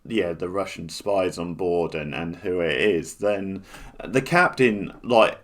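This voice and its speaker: A man talks through a TV finale in a loose, casual way. He keeps restarting his sentences and leaning on fillers, and his voice sits low. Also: slow. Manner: rambling, with many restarts and fillers. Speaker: TV reviewer. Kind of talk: casual spoken review.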